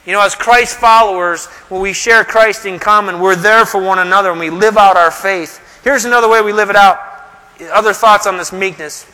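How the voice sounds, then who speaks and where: Pastor, man, middle-aged, bright and high voice, emphatic sermon delivery, reverberant hall. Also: steady tone, brisk. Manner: conversational, emphatic preaching with rhetorical questions.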